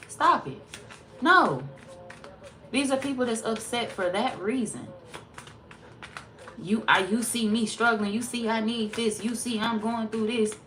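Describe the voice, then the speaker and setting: A woman's voice: on the high side, a little slow, long pauses, fairly bright tone, soft background music. Woman tarot reader, blunt and profane, sassy, emphatic casual talk. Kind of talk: casual tarot reading monologue.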